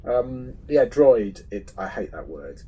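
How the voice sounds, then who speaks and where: A man's voice: lowish voice, very animated, slow, dark tone, slight background noise, low-quality recording. A man co-hosting a casual film podcast, chatty and hesitant, often restarting his sentences. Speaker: podcast co-host.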